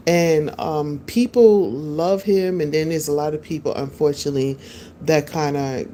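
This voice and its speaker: A woman with a low, mellow voice chats casually on a live stream and rambles from one point to the next while answering viewers. She talks into a phone, and a faint hiss sits under her voice. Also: steady tone, normal speed. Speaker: podcast host.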